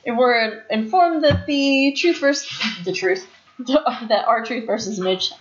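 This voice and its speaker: A woman's voice: a little high, slow. A woman co-hosting a casual chat, recapping wrestling and acting out quotes with frequent laughs. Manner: chatty, laughs often, acts out quotes. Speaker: podcast co-host. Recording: dull lo-fi sound.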